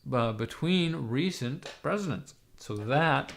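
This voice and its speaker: Raspy, hoarse young man rambling on stream. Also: medium pitch, expressive, slow, slight background noise. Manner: rambling and irreverent, trailing off with fillers. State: hoarse from being sick. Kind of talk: casual live-stream rambling. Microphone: webcam mic.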